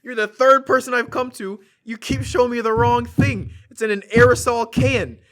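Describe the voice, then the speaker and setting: Young man doing a grumpy old customer, loud, slow, scolding, cursing, higher than his own voice, lively swings in pitch. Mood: angry demanding. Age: older.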